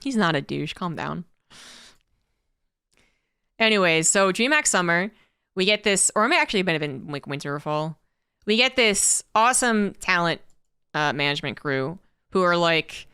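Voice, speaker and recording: A woman esports caster telling a casual, profane story with animated, incredulous outbursts. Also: lowish voice, normal speed, pauses often, smooth, no echo, clean studio sound. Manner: animated, rising to incredulous outbursts when quoting herself; chatty, profane, laughs through the tale. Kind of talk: casual storytelling while casting.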